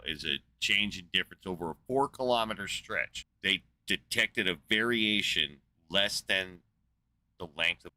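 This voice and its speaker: Low voiced dude with a really sharp edgy tone, rambling and swearing through casual podcast chat. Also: male voice. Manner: rambling, profane, sarcastic. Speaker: podcast host.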